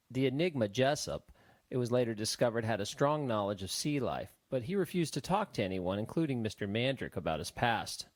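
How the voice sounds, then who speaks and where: A man narrating an adventure audiobook in a scripted, expressive storytelling manner. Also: medium pitch, no echo.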